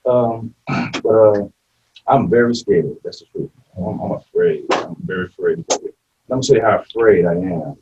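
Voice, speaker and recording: A man in his late fifties sharing his story in a support group, rambling and halting, swinging from hushed admissions to loud, tearful outbursts. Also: fairly low pitch, recorded from a distance, highs cut off, a little hiss or hum. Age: 50s. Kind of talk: emotional personal sharing.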